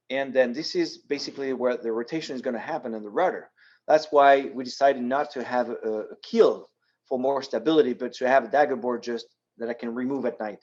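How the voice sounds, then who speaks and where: A man's voice: mid-range voice, a little mellow, lo-fi sound. A man from France with a French accent, a guest speaker answering audience questions in a practical, step-by-step way. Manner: practical, explains step by step with frequent ums and restarts. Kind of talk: presentation with audience Q&A. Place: yacht club meeting room.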